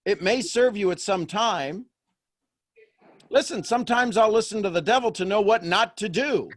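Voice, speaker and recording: A man coaching someone on a call, pressing with quick rhetorical questions. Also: sits high.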